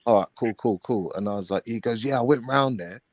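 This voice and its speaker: A man's voice: medium pitch, a little fast, no room sound. A man telling a rambling story in street slang on a live panel stream. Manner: rambling, street slang, acts out quoted dialogue. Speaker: panel guest. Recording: dull lo-fi stream audio.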